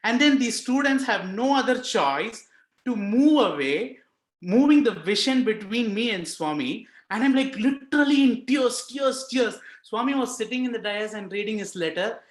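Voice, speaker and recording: A young Indian man with an Indian accent tells a personal devotional story, earnest and emotional and full of fillers. His voice sits high, with lively intonation and a moderate pace. The room is echoey.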